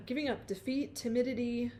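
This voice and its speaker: A woman's voice: on the high side, fairly even intonation, normal speed, gravelly, mellow. A woman doing a pick-a-card tarot reading, chatty and playful, often breaking off mid-thought and laughing at herself. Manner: chatty, self-interrupting, sings snatches of song.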